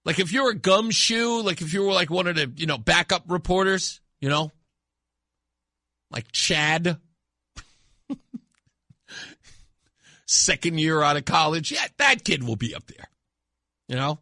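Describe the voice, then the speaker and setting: A man's voice: fairly high pitch, lively intonation, measured pace, long pauses, sharp tone, no room sound. A male talk radio host giving a sarcastic, mocking monologue in a studio. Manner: sarcastic, mocking, laughs at own jokes.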